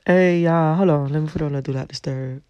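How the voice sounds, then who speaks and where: A woman chatting casually to her phone camera as a vlogger, blunt and animated, swearing often and laughing as she talks. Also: sits low, a little fast, smooth, dry recording, dull audio. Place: car, then home.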